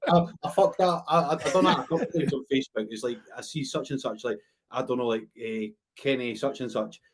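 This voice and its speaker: A man in rapid, sweary, laughing banter on a podcast. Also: mid-range voice, slight background noise. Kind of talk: casual chat.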